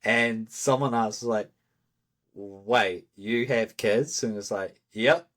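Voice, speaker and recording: A man chatting casually as a podcast co-host, telling relaxed stories and acting out small quotes. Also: lowish voice, slow pace. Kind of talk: casual chat.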